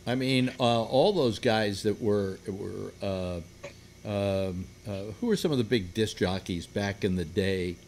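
A man's voice: lowish voice, unhurried, a little mellow, slight background noise. An older man hosting a casual group chat, rambling with many fillers and restarts. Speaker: radio host.

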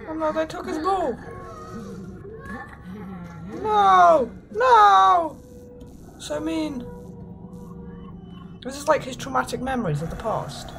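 Playful high-voiced woman gamer. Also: creaky, noisy background. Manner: playful, sing-song, mock-cheerful exclamations. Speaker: gaming YouTuber. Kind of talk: horror game let's play commentary. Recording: game music behind the voice.

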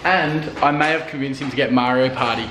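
A man's voice: medium pitch, fairly quick, background noise. A young man from Australia with an Australian accent, chatting casually and teasing his friend in a vlog. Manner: joking, teasing, laughs often. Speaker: vlogger.

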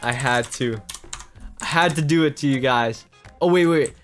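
A man hosting a gaming channel, giving excitable gameplay commentary straight to his viewers. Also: mid-range voice, normal speed, soft background music.

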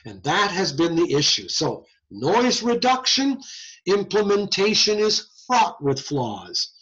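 A man lectures in a loose, joking way, his voice sitting high and swinging widely in pitch. The recording sounds somewhat dull and lo-fi, like a screen-share session. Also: slow pace. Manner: lively, conversational, jokey. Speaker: hearing science lecturer. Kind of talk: informal lecture.

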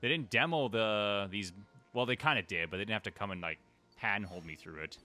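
A man hosting a gaming channel, giving chatty play-along commentary, talking to the creatures on screen and breaking into excited exclamations. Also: fairly low pitch, a little fast, faint music behind.

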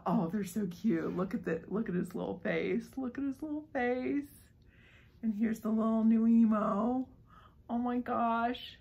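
A woman filming a casual unboxing vlog, gushing and giggling excitedly as she talks. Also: on the high side, a little slow, creaky, husky, low-quality recording. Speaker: vlogger unboxing a subscription box.

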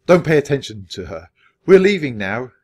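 A man's voice: medium pitch, very animated, moderate pace, darkish tone, no echo, voice pushed up. A man voicing a cautious, nervous young boy who talks anxiously and urgently.

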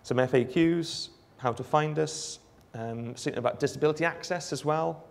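A Welsh man giving a live demonstration of a phone app, explaining in a relaxed way with frequent ums. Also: on the high side, moderate pace, gravelly. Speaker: app developer giving a presentation. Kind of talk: live product demo talk.

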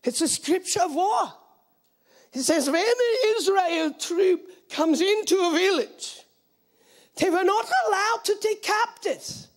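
Woman preacher, very high voice, slow emphatic sermon delivery with shouted peaks. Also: animated. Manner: emphatic, often breaking into shouts.

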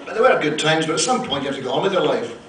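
A man's voice: a little high, lively intonation, rapid-fire, music in the background. A man telling profane, self-mocking stories between songs at a live concert, laughing at his own jokes. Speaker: singer-songwriter performing live. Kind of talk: onstage storytelling banter. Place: theater stage, live concert. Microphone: stage mic. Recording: echoey theater, distant mic, loud crowd.

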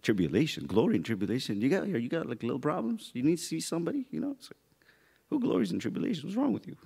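A man teaching a youth Bible study, animated and joking as he acts out people's reactions. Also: on the high side, racing, vocal fry, husky.

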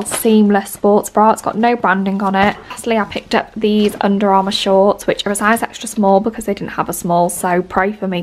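A woman's voice: mid-range voice, a little hiss or hum. Woman, 20s, British accent, casual vlog chat, rambling, upbeat. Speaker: lifestyle vlogger.

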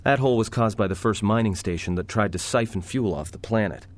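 An actor playing a sarcastic, roguish young prisoner in a video game, with a low, gruff voice and dry, cocky delivery. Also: male voice, brisk, lightly acted. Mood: sardonic. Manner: wry, cocky, dry jokes. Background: game music.

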